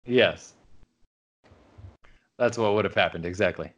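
A man's voice: deep voice, a little slow, dull audio. A man co-hosting a casual podcast, recapping a TV episode and acting out bits of the dialogue as he goes. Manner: animated storytelling, acts out quoted lines.

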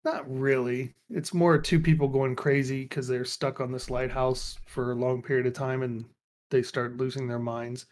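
A man's voice: medium pitch, flat delivery, normal speed, a little mellow. A man co-hosting a gaming podcast, chatting casually and animatedly telling stories with quoted voices. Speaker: podcast co-host. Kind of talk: casual chat.

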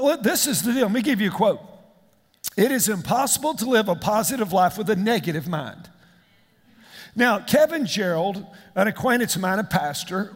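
Pastor guy preaching loud, lively swoops, echoey hall. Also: very high voice. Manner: animated, shouting questions to the congregation. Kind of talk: sermon.

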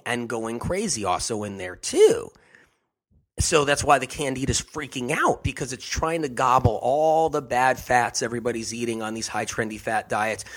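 A man's voice: mid-range voice, a bit bright. Rambling man giving a health talk. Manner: rambling, repeats phrases, laughs at himself. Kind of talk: unscripted monologue.

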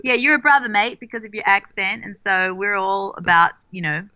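An Australian woman whose accent carries American traces, a company co-founder and podcast guest talking in a playful, expressive way. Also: mid-range voice, fairly quick, dry recording, muffled recording.

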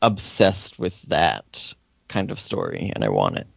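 Lively man co-hosting a podcast. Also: deep voice, unhurried, gravelly, dry recording. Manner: playful, asks the group questions. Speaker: podcast co-host. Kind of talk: casual podcast chat. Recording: dull dry podcast audio.

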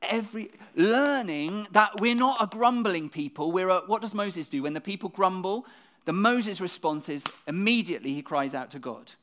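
Speaking quickly in a conversational church sermon, a preacher keeps putting questions to the congregation. The voice is mid-range, animated, and somewhat bright, and a word is often said twice when a thought starts over.

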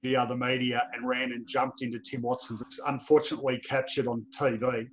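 A man's voice: medium pitch, fairly quick. Australian male guest, chatty storyteller, frequent laughs. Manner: lively anecdotal storytelling, laughs often. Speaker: guest, football journalist. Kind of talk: casual podcast chat.

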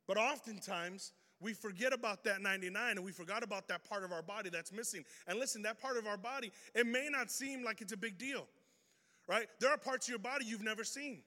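A man preaching an energetic sermon, telling a story and swinging between loud bursts and hushed lines. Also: high voice, brisk. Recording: reverberant hall.

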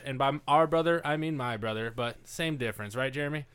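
A young man hosting a casual podcast on a studio mic, jokey and quick to laugh. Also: mid-range voice, fairly even intonation, a bit bright, clear, resonant tone. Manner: jokey, laughs often, mimics people. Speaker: podcast host.

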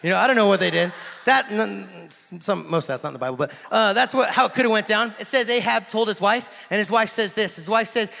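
Gravelly-voiced man preaching in a reverberant hall. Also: sits high, fairly quick. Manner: joking, animated storytelling that drops to hushed intensity. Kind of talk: casual sermon. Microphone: handheld microphone.

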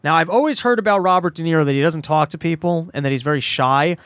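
A man's voice: a little high, fast talker, fairly bright tone, clear, resonant tone, no room sound. A man hosting a podcast, blunt and profane, mocking in casual chat. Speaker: podcast host.

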